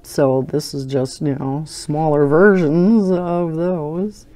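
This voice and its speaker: Speaking slowly in a low, mellow voice with fairly even intonation, an older woman colors at home and chats for her coloring channel. The talk is casual and rambling, full of fillers and affectionate laughs.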